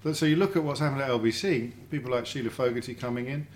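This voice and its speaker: A man's voice: mid-range voice, fast talker. A middle-aged man, chatting as a dinner guest and telling stories, often repeating words as he thinks. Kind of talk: casual dinner-table chat. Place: home dining room.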